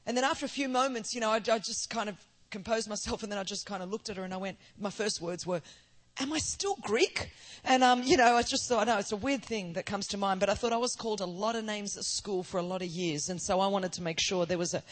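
A woman's voice: mid-range voice, fast talker, few pauses. An Australian woman in her forties stands before a church and tells her own story as a sermon. She moves from plain storytelling to ringing, emphatic declarations, with a preacher's sense of rhythm. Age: 40s. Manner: storytelling, rising to emphatic proclamation. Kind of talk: sermon testimony.

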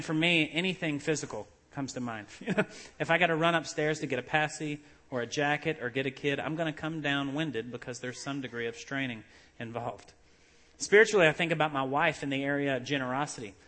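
A man preaching a sermon from the pulpit with an animated, storytelling delivery. His voice sits a bit high, and he slips into acted-out voices as he goes. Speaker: pastor.

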